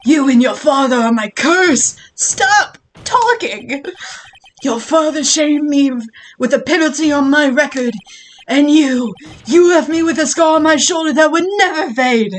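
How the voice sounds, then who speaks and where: A woman's voice: on the low side, normal speed, breathy edge, pitched below the performer's own voice, poor audio. A woman voicing a ruthless, vengeful old male prosecutor who bellows threats. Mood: furious.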